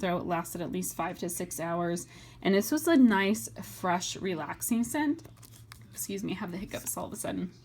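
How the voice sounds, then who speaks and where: A woman reviewing wax melts in a casual, chatty vlog, enthusiastic and full of fillers. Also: mid-range voice. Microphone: webcam or phone mic.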